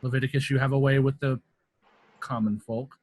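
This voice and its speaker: A man's voice: medium pitch, fairly even intonation, brisk, dry recording, rough recording. Man playing his character in formal words. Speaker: player. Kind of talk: tabletop game play.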